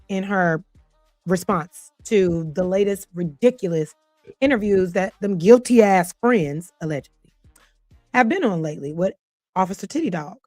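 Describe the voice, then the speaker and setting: A woman's voice: medium pitch, a little mellow, no room sound. A woman hosting a live stream, talking casually and bluntly with sassy, profane asides. Her voice is dry and close, with faint music underneath. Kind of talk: casual commentary over clips.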